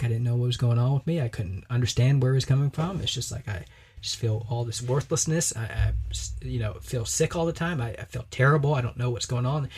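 This religious podcast co-host has a mid-range voice with a darkish tone and a breathy edge. In casual discussion he talks emphatically, even preachily, and performs the voices of the people he quotes.

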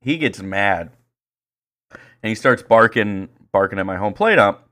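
A man co-hosting a podcast, telling stories in casual chat, animated and full of swearing. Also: on the low side, a little slow. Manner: profane, animated storytelling. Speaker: podcast co-host.

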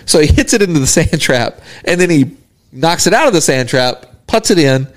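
A man's voice: fairly high pitch, moderate pace. A man co-hosting a podcast, telling a story in casual chat, laughing and swearing freely. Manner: animated, laughs hard while telling stories, swears. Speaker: podcast co-host.

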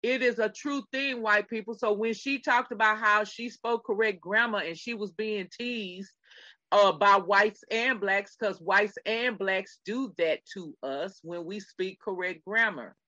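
Emphatic middle-aged woman, bright dry voice. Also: mid-range voice, a little slow, no room sound, dull audio. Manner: emphatic, addresses listeners directly. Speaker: podcast co-host. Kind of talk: casual podcast chat.

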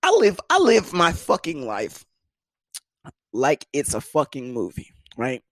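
A young man from the United States telling a comedic personal story, swearing freely and jumping into high voices to imitate others. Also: wildly swooping pitch, unhurried, dry recording.

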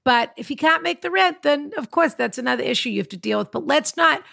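A woman's voice: high-pitched, animated, fairly quick, creaky, sharp tone, no echo, clean studio sound. A middle-aged woman co-hosting a casual advice chat, wry and matter-of-fact. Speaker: advice podcast co-host.

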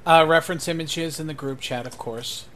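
A man's voice: fairly high pitch, moderate pace, a bit bright. A man narrating a tabletop game as game master in a loose, hesitant way. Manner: loose, lots of ums and uhs.

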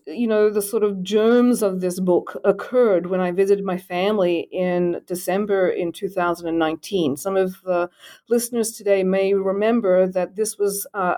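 A woman's voice: medium pitch, darkish tone. Australian woman scholar in interview. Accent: Australian, softened by US years. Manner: thoughtful, with frequent ums. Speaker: guest scholar, department chair. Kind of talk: podcast interview.

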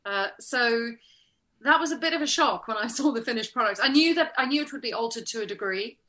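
A middle-aged actress telling stories in a casual interview, animated and laughing often, acting out the lines she remembers. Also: a little high, a little fast.

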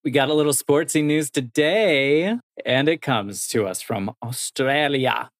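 A man's voice: mid-range voice, a little slow, slight background noise. A young man co-hosting a podcast, reading news in a light, joking way. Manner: light, joking, reads quotes aloud. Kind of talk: casual news chat.

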